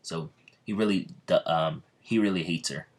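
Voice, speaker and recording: A man's voice: low-pitched, normal speed. A man telling a fan-made story in a hesitant, rambling way, full of ums and restarts. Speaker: channel host.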